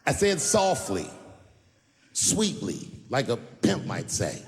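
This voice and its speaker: A man doing stand-up comedy, storytelling in a drawl with sudden loud bursts, on a theatre stage with a handheld mic. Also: mid-range voice, wildly swooping pitch, slow pace. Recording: long reverb of a large venue.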